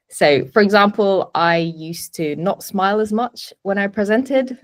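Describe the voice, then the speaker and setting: Female presentation coach, webinar from home, fairly low voice, deliberate stress on key words. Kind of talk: webinar teaching. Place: home office. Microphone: video call webinar.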